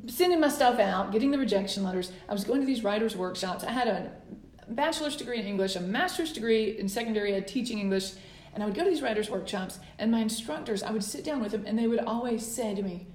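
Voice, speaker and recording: A woman in her forties tells her own story as an interview guest. She is animated and acts out the letters she quotes, and her voice sits in a roomy, echoey space. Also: mid-range voice, a little hiss or hum. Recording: roomy echo.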